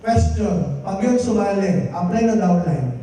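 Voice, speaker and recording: A man's voice: high-pitched, animated, moderate pace, heavy background noise. A man with a Filipino accent giving a motivational stage speech, rallying his audience with call-and-response. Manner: rallying, call-and-response, mixes English and Tagalog. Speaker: company founder presenting to an audience. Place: large hall with live audience. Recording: roomy hall from far off.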